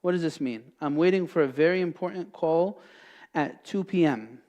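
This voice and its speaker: With a fairly high-pitched, darkish voice and a moderate pace, a man lectures his mosque class as an Islamic teacher. He makes each point clear by raising his own questions and answering them.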